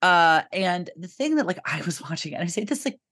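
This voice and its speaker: A woman's voice: fairly low pitch, very animated, fairly quick, fairly bright tone. A woman co-hosting a podcast, talking about a film casually, with emphatic, frequent swearing. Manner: profane, emphatic, swears often. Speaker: podcast co-host.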